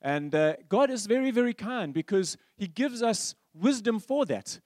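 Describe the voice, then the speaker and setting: A male pastor preaching a sermon, telling stories that swing from animated to hushed. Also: high voice, moderate pace, no room sound, studio quality.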